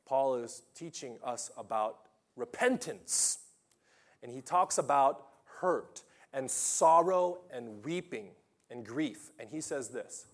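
A man preaching a sermon as pastor, with dramatic swings between loud emphasis and quiet asides. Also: medium pitch, lively intonation, slow pace.

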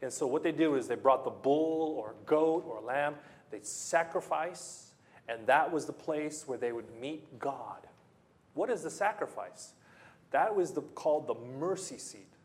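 A man's voice: fairly high pitch, animated, unhurried. A man preaching a sermon, emphatic, repeating phrases and putting rhetorical questions to the congregation.

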